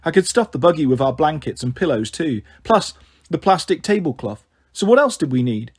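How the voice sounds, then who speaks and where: Husky, expressive male storyteller. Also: fairly high pitch, brisk. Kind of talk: reading a children's novel aloud.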